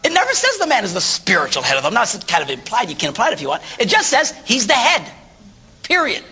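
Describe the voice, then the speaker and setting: Man guest preacher, lively swooping delivery, bright tone. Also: high-pitched, quick pace, breathy edge. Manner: animated, acts out stories in voices. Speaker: guest speaker. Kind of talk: preaching talk on a Christian talk show.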